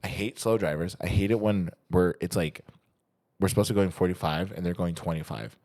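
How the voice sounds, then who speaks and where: A man's voice: low-pitched, fairly quick. A young man from California co-hosting a casual podcast chat, telling stories with acted-out quotes and frequent swearing. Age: young adult. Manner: animated storyteller, acts out quotes, swears freely. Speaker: podcast co-host.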